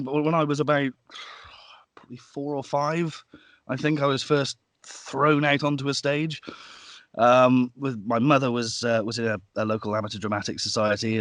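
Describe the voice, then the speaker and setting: A man's voice: medium pitch, no room sound. A man, an audiobook narrator, explaining his work at length in a casual interview. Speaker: guest, audiobook narrator and producer.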